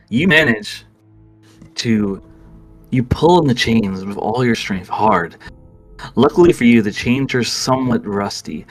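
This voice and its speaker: A man's voice: medium pitch, a bit bright. A man narrating a tabletop role-playing game as game master, describing the action steadily.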